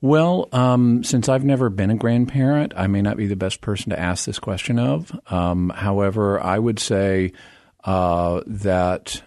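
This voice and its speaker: A man with a very deep voice answers listener questions on a radio show. He speaks in a measured, thoughtful way, pausing and filling gaps as he works out his advice. The sound is dry and close, with no room echo. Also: darkish tone. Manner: measured, thinking aloud, fillers.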